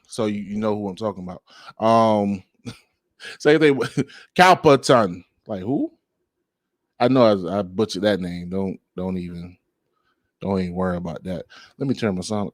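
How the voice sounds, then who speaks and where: With a fairly low, expressive, slightly bright voice, a man hosts a casual music podcast. He's laid-back and rambling, drawing out his words with lots of fillers and chuckling at his own mistakes. The recording is dry and clean, with studio sound.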